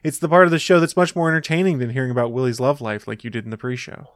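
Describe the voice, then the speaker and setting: A man's voice: medium pitch, steady tone, racing, no echo, clean studio sound. Wry teasing podcast host man. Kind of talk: casual chat.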